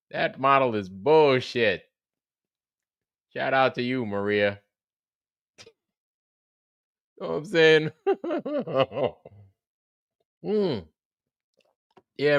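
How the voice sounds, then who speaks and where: Male stream host, mid-pitched, close dry mic; a loose, profane, laughing recap chat. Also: very animated, drawn-out words, long pauses, a bit bright, no echo, highs cut off. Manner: loose, profane, laughs often, greets chatters by name. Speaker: livestream host. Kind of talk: casual livestream recap chat.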